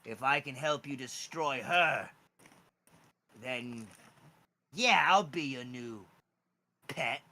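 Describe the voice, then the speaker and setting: Rough young dragon, as a man puts it on, gruff, loud, slow, bright. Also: mid-range voice. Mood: demanding. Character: rough young male blue dragon worm.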